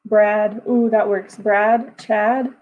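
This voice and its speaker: A woman's voice: mid-range voice, little pitch movement, drawn-out words, phone-quality sound. A young woman hosting a writing livestream, chatting casually with viewers, giggling often and talking in loose, restarting phrases. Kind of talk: casual livestream chat reading comments.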